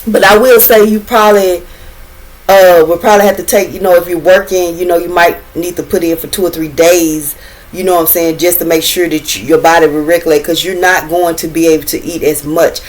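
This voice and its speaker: A woman's voice: fairly low pitch, steady tone, fairly quick, low-quality recording. A middle-aged woman telling a casual storytime vlog, talking in loose slang and swearing freely, and filling her talk with "you know what I'm saying.". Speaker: vlogger.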